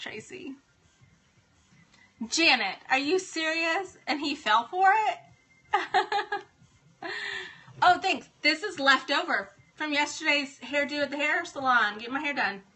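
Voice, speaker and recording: A woman's voice: sits high, sharp tone. A woman hosting a casual live stream from home, chatting and greeting viewers by name. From Ohio.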